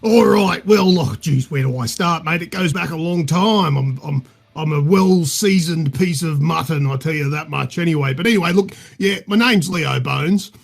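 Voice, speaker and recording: Man putting on a gravelly, crude Aussie bloke. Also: fairly high pitch, normal speed, soft background music. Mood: cheeky. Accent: Australian. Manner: cheeky, rambling, swears freely. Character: crude boastful middle-aged Australian bloke. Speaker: podcast guest character. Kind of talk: improvised comedy character.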